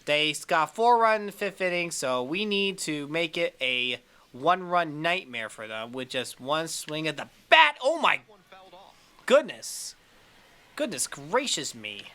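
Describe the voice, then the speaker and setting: A man commentating his own baseball video game play, chatty and quick to shout when a big hit lands. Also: a little high, clear, resonant tone. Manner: excitable, shouts at big plays. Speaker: gaming commentator.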